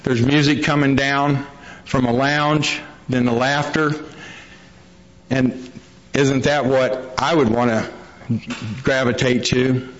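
A man's voice: medium pitch, steady tone, takes it slowly, pauses often. A man telling his recovery story to a meeting, a folksy storyteller who acts out the quotes. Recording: dull lo-fi recording.

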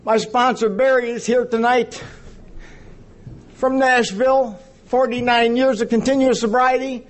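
A man's voice: very high-pitched, fairly even intonation, measured pace, slight background noise. A man in his fifties sharing his story at a recovery meeting, a rambling storyteller who jokes with the audience. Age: 50s. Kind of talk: personal testimony to an audience.

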